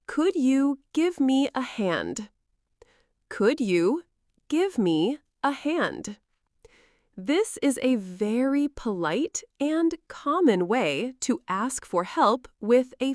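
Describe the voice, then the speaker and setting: A woman teaching everyday English phrases in a slow, clear, encouraging scripted lesson, asking the listener to repeat after her. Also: fairly high pitch, dry recording, clean studio sound.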